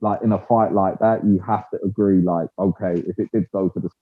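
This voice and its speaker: A man, chatting about fights in a loose, slangy and animated way. His voice sounds a little husky. The audio is narrow and tinny, like a phone line. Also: low-pitched, fairly quick. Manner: slangy, animated, peppers speech with "bruv". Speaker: podcast co-host. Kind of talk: casual fight-talk chat.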